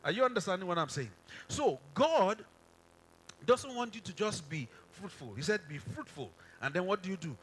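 A man's voice: high-pitched, big pitch swings, moderate pace, a bit bright, breathy edge. A man preaching a sermon from a stage in a hall, often quizzing the crowd to finish verses and repeating phrases for emphasis.

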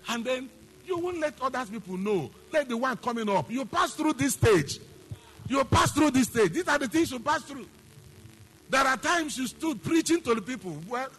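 A man's voice: extremely high pitch, a bit bright. A man preaching a sermon, emphatic, repeating phrases and asking the congregation questions. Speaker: pastor.

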